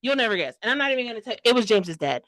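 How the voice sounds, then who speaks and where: A woman's voice: on the high side, sing-song, racing, fairly bright tone, no room sound. A young woman giving a casual, dramatic book review, full of fillers and rambling asides. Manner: gushing, dramatic, heavy filler "like".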